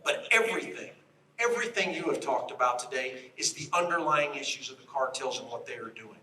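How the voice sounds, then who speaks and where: A middle-aged man gives an emphatic storytelling speech at an outdoor rally. His voice is forceful and bright, and he often turns to address the crowd directly. He stands back from the microphone, so the sound comes across echoey and distant. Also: medium pitch, a little fast. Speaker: rally speaker, retired state police officer.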